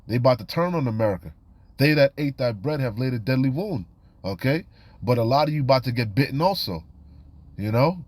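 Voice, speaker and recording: A man preaching in an informal, streetwise manner, reading verses aloud and then explaining them in plain talk. His voice sits at a medium pitch, and he keeps dropping in "you know" and "man". The sound is dry and close, with no room echo. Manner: reads scripture aloud then comments. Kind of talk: informal scripture teaching.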